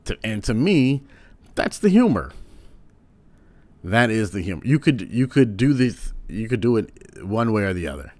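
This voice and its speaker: A man giving a casual commentary, rambling a little and filling pauses with "um". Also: fairly low pitch, expressive, a little mellow, no echo. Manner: rambling, with frequent "um"s.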